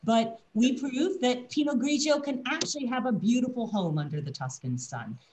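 A woman's voice: fairly high pitch, animated, moderate pace, a little mellow, a little hiss or hum, low-quality recording. Winery rep, woman, video-call wine tasting, enthusiastic and explanatory. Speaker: winery representative.

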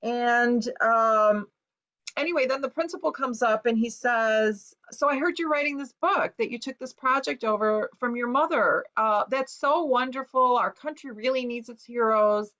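A woman's voice: fairly high pitch, normal speed, a bit bright. A woman author telling a personal story in an interview, earnest and full of fillers as she quotes what people said to her. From United States. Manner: earnest, recounting with quoted dialogue and many fillers. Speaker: author guest. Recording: dull lo-fi recording.

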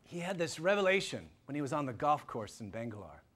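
A man giving a public lecture to a live audience, animated and emphatic, swinging from loud points to hushed asides. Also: on the high side, fairly quick, slightly rough. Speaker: guest lecturer.

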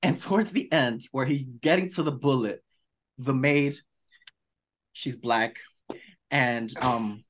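A man co-hosting a podcast in casual chat, animated and campy, calling people darling. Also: mid-range voice, slow, pauses often. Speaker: podcast co-host.

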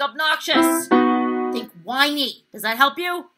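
A woman with a high, bright-sounding speaking voice leads an upbeat singing lesson, coaching her students and singing the exercises for them. Piano music plays clearly behind her. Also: lively intonation, moderate pace. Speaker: voice teacher.

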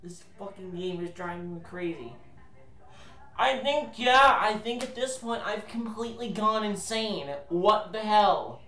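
Young woman ranting over a game, swears a lot, kinda slow, echoey room. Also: mid-range voice, a bit bright. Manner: exasperated, swears a lot, laughs often. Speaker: let's play co-host. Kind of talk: casual gameplay commentary.

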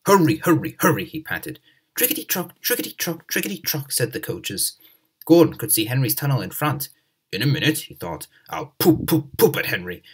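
Husky guy reading a kids storybook, lots of up and down in his voice. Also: mid-range voice. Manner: expressive, lively reading. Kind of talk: scripted narration of a children's story.

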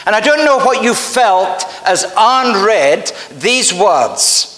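A man's voice: high-pitched, sing-song, slow pace, bright, forceful tone. A man with a Scottish accent, a pastor preaching a sermon in an earnest, emphatic storytelling manner in a church. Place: church sanctuary. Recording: echoey church hall with long reverb.

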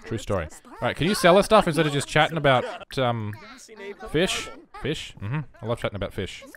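An excitable man, rambling through casual gameplay commentary and bursting into shouts. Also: medium pitch, fairly quick, crowd noise. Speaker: game streamer.

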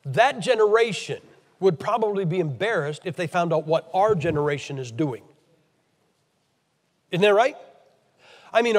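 A man's voice: high voice, long reverb tail. An American man from Ohio preaching a blunt, emphatic, scolding sermon to a church meeting. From Ohio, USA.

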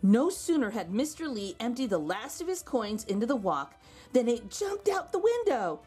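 A woman reading a children's picture book aloud, expressive with gentle asides. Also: on the high side, moderate pace, slightly rough, faint music behind.

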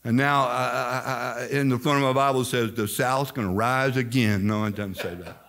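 A man's voice: medium pitch, normal speed. An older man from Indiana with a slight Southern-sounding accent, preaching an emphatic sermon as pastor. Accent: slight Southern-sounding American. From Indiana, USA. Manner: emphatic, animated preaching with quoted asides.

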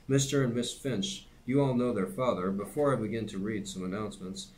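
A man's voice: on the low side, brisk, a little mellow, natural voice. A man voicing a stern, stocky preacher who declaims from the pulpit. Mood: preaching. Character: stern stocky male preacher, middle-aged.

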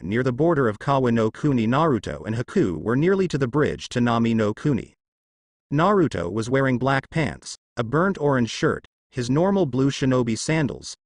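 A man reads a fan fiction story aloud, his pitch rising and falling freely. The recording is dry and close, with no room sound. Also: no echo. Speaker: narrator.

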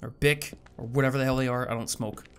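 A man giving horror game commentary, jumpy and nervous, muttering to himself with sudden loud yelps. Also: mid-range voice, steady tone, quick pace, a little hiss or hum. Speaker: gaming YouTuber.

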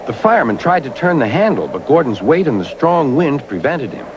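A man narrating a storybook tale for a children's show, in an expressive, gentle way. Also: on the high side, brisk, noisy background.

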